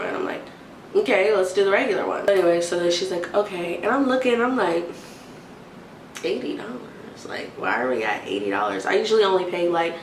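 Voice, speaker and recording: A young adult woman telling an exasperated storytime rant, animated and mimicking a timid whisper now and then. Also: lowish voice, vocal fry. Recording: roomy, distant, faint hiss.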